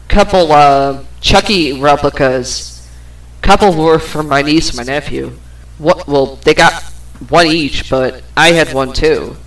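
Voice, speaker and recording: Slow, blunt woman telling a story. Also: low voice. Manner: blunt and profane, slow, with many pauses. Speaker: podcast host. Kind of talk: casual personal storytelling. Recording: distant from the microphone.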